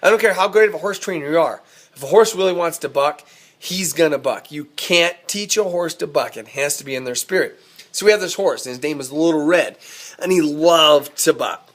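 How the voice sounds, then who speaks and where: A man, a rodeo cowboy, telling a ranch story in a folksy, animated, self-amused way. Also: fairly high pitch, brisk. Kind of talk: casual spoken storytelling.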